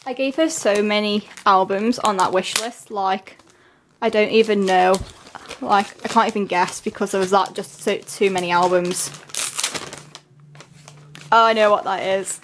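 A woman talking casually in a vlog, gushing and excitable, with lots of filler words. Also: medium pitch, moderate pace, background noise. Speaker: vlogger.

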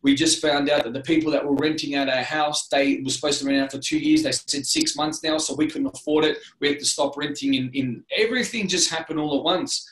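An Australian man in midlife talks through his past in an earnest, rambling way, restarting sentences and leaning on "you know". His voice sits a little high for a man. The recording has a roomy echo. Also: fairly even intonation, brisk, few pauses, fairly bright tone. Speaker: interview guest. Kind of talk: candid personal storytelling.

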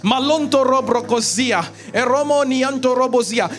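Fervent high-voiced preacher speaking in tongues. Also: male voice, moderate pace, fairly bright tone, soft background music. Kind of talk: prophetic sermon with tongues.

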